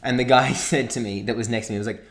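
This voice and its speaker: A young Australian man, a podcast co-host, rambles through a long anecdote in casual chat. He swears freely and keeps circling back to the story. His voice sits at a middle pitch. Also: fairly even intonation, fast talker.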